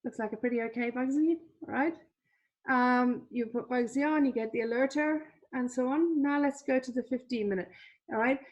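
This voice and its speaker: A woman's voice: sits high, moderate pace, muffled recording. A woman teaching a trading lesson over a shared screen, chatty, repeating herself, with many fillers. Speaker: trading coach.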